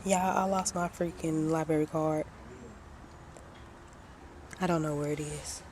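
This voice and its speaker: A woman's voice: low-pitched, fairly even intonation, unhurried, heavy background noise. A young woman vlogging casually, ranting candidly and swearing freely. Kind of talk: casual vlog rant.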